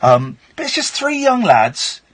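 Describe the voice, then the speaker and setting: A man's voice: extremely high pitch, huge pitch swings, a little slow. A man hosting late-night radio, chatty and wry, reading a news story with asides. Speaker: radio host. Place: radio studio.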